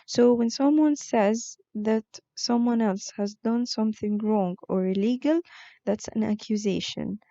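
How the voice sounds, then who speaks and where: A woman teaching an online vocabulary lesson, explaining words slowly with frequent fillers. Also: fairly high pitch, creaky, dark tone, no echo, dull audio. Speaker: English teacher.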